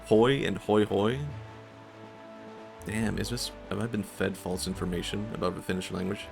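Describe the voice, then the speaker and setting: A man's voice: lowish voice, little pitch movement, moderate pace, gravelly. A young Swedish man with a Swedish accent, chatting casually and laughing often while streaming a game. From Sweden. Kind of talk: casual gaming stream chat. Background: faint game music.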